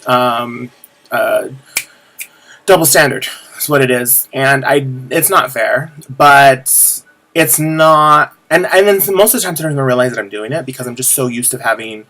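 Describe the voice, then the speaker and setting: A man's voice: mid-range voice, moderate pace, bright, forceful tone. A young man talking candidly to camera in a casual confessional vlog, rambling with lots of fillers and restarts and the odd swear word. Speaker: vlogger.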